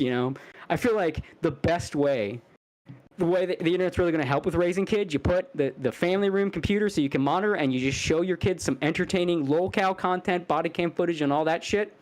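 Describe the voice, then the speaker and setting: A man co-hosting a podcast, ranting in a crude, rambling, animated way and slipping into mocking put-on voices. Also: high voice, fairly quick, low-quality recording. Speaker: podcast co-host. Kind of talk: casual podcast chat.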